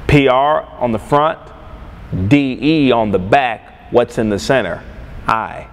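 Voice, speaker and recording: Slow, emphatic preacher in a reverberant hall. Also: male voice, mid-range voice. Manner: calls for congregation responses, slow emphatic delivery. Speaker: pastor. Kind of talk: sermon. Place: church sanctuary. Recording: long hall reverb, faint background noise.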